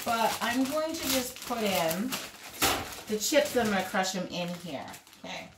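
A woman's voice: mid-range voice, lively intonation, moderate pace, roomy sound, very noisy. A woman chatting casually through a home cooking demo in her kitchen, rambling and talking to her cats between steps. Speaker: vlogger.

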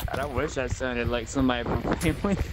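A man's voice: mid-range voice, fast talker, heavy background noise. A man chatting in an online shooter game, joking crudely and rambling with fillers. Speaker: gamer in voice chat. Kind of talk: casual game voice chat. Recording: loud gunfire over voice chat.

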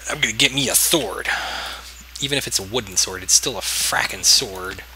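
A man's voice: on the low side, moderate pace, pushed and bright, slight background noise. A man casually commenting as he plays a game, talking to himself and yelping whenever something attacks him. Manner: rambling self-talk, yelps and exclaims when attacked. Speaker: gaming video host. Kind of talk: casual let's-play commentary.

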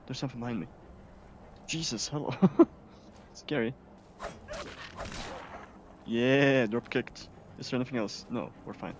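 A man from Sweden giving casual, excitable gameplay commentary as a streamer, swearing often. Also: mid-range voice, a little slow, pauses often, slight background noise. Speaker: gaming streamer.

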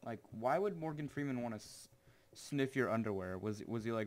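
A man's voice: medium pitch, a little fast, slight background noise. Rambling teenage boy gaming commentary. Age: teens. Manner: rambling, jokey, sudden excited yelps. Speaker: gaming channel host. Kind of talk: gameplay commentary.

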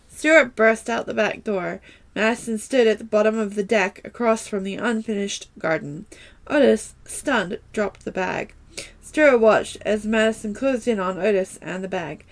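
A woman's voice: medium pitch, moderate pace. A woman reading a mystery novel aloud, in a plain way with occasional slips and restarts. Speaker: storyteller reading a book aloud.

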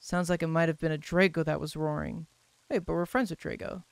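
A man voicing a worried grown villager in a game who speaks in a low, measured, somber way. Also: fairly even intonation, vocal fry, clear, resonant tone, no echo.

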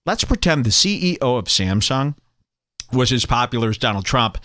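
A male podcast host delivers a sarcastic, mock-preachy comedic rant as a monologue. His medium-pitched voice is fairly bright, with lively intonation at normal speed, captured in a close, dry studio recording.

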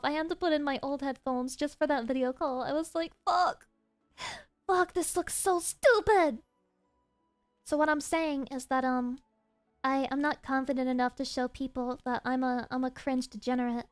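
A woman streaming a game from her desk, chatting in an excitable, rambling way full of swearing. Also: sits high, normal speed, clean tone, soft background music. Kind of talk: casual game stream chat. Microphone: desk mic.

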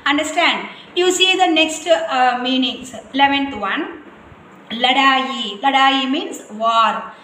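A woman teacher, slowly drilling vocabulary word by word in a revision lesson. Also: sits high, pushed and bright, a little hiss or hum. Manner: slow, repetitive word-by-word drilling. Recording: echoey room with faint ambience.

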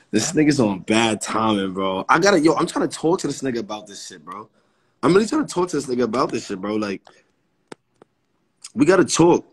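A man's voice: lowish voice, slightly rough. A man in his twenties, chatting casually on a livestream and joking trash talk at his viewers. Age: 20s.

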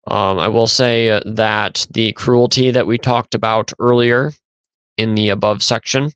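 A man with a smooth mid-range voice hosts a podcast, telling stories in a loose, rambling way full of fillers and restarts. The audio has no room sound but comes across muffled.

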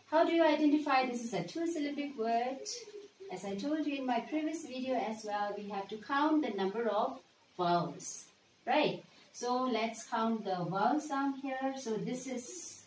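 A woman teaches a lesson in a slow, deliberate way, repeating each word and checking in with "right?". Her voice sits somewhat high and comes from a bit away from the mic. The room is echoey, with faint ambient noise behind her. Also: darkish tone, recorded from a distance. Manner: patient, repeats words slowly, frequent "right?" checks. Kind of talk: classroom lesson for children.

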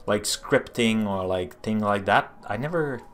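A man with a Quebecois French accent live-streams while coding, thinking aloud and answering chat questions with plenty of fillers and restarts. His voice is lowish and fairly bright, at a measured pace.

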